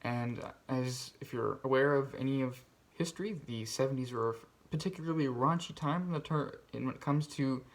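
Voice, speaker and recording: A man's voice: mid-range voice, steady tone, normal speed, few pauses. A man hosting a casual book video, talking through his reading pile with lots of fillers and restarts. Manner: rambling, many fillers and restarts. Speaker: BookTube host.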